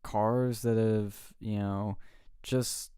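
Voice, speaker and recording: A man co-hosting a casual talk show, telling stories excitedly and swearing often. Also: on the low side, very slow, clear, resonant tone, no echo, clean studio sound. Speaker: co-host. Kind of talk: casual chat.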